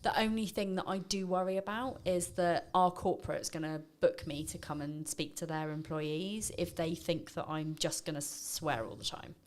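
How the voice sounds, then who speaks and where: This is a woman speaking as a guest on a business podcast. Her voice sits a little low, and she is animated and sweary, laughing easily as she chats casually. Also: moderate pace, few pauses. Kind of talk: casual interview chat.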